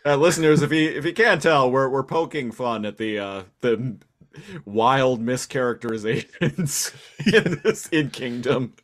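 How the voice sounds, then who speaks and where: A man's voice: medium pitch, animated, a little slow. A man co-hosting a casual review podcast, talking in a dry, agreeable way that trails off into mumbles. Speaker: podcast co-host.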